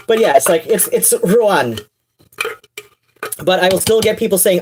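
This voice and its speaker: Rambling woman with a low voice. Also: lively intonation, slow, long pauses, a little mellow, a little hiss or hum. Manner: rambling, many fillers and restarts, wry asides. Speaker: streamer. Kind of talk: casual livestream chat.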